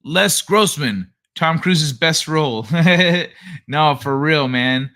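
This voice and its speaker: A young man with a bright, forward voice hosts a late-night live stream. He talks in a loose, rambling, laid-back way and swears freely, speaking into a desk microphone. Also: a little high, slow pace. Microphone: desk microphone he adjusts.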